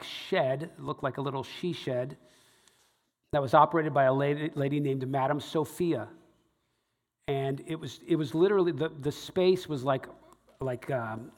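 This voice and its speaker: Guy rambling through a story live, lots of ums and uhs, kinda high voice, big echoey hall. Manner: rambling, lots of fillers and restarts, animated. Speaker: storyteller, stage show producer. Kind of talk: live anecdote to an audience.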